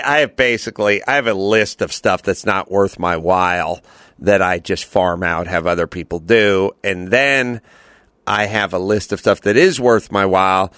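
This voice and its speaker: A man's voice: fairly low pitch, bright, forceful tone, smooth, no room sound, studio quality. A man hosting a podcast in casual chat, telling rambling stories and acting out the voices of people he quotes. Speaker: podcast host.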